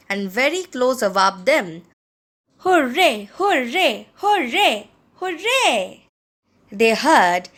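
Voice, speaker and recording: Slow, expressive woman reading a storybook. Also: mid-range voice. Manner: expressive, measured reading aloud. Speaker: audiobook narrator. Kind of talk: storybook reading of a classic novel.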